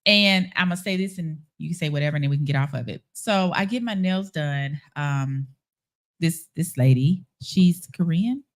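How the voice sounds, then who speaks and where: A woman chatting casually on a live stream, telling a story in a playful, animated way. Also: sits low, normal speed. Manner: animated, playful, acts out quoted voices. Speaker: show guest. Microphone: live stream call.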